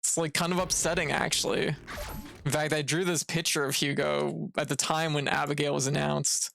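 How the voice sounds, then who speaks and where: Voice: mid-range voice, level tone, moderate pace, vocal fry, a bit bright, slight background noise. A livestreamer from Canada, casually commenting on gameplay while ranting in an exasperated, profane way. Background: video game music.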